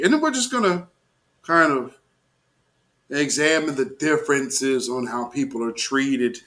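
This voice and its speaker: A man's voice: mid-range voice, fairly bright tone. A man hosting a live commentary show, talking casually with slang, exclamations and mocking asides to his audience.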